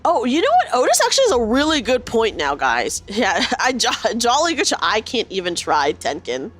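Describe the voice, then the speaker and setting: A woman streaming a story game, chatting excitedly and reading the character lines aloud. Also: on the high side, moderate pace, faint music behind.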